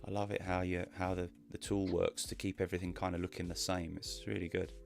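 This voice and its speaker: A man's voice: deep voice, little pitch movement, fast talker, creaky, soft background music. A man chatting casually as a guest on a live stream, rambling and restarting his sentences.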